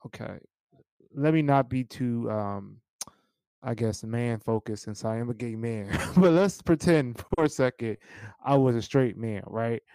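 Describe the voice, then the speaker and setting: A man with a smooth, resonant voice chats as an interview host, asking frank questions in a rambling way. He laughs often and restarts his sentences as he thinks aloud. The sound is close and dry. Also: medium pitch, slow, pauses often, mellow, no echo, rough recording. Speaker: podcast host. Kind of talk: casual interview chat.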